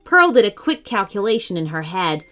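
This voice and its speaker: A woman narrating a children's story in an expressive, animated reading voice. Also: medium pitch, moderate pace.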